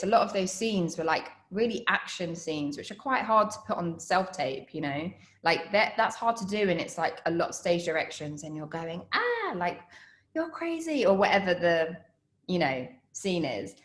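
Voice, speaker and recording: A woman in her thirties, an actress chatting in a relaxed way over a video call, telling stories with fillers and laughs. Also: on the low side, moderate pace. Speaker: actress answering student questions. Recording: roomy echo on a call.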